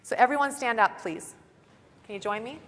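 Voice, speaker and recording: A woman's voice: a little high, moderate pace, a bit bright. A young woman giving an upbeat motivational talk at a conference, chatty and saying "like" often, recorded on a stage mic. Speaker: conference speaker. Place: large conference hall. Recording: long reverb of a large hall.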